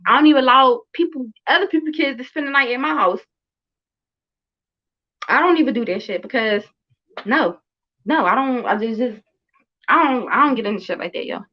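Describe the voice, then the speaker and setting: A woman's voice: high voice, moderate pace, pauses often, muffled recording. A woman around thirty, a mother and show host, telling a story in casual chat with blunt, emphatic and heavily profane talk. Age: about 30.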